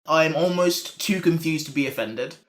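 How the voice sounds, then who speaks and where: A man's voice: a little high, moderate pace. A man co-hosting a podcast, recapping a cartoon episode in casual chat, joking and swearing. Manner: swearing, joking, acting out quotes. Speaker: podcast co-host.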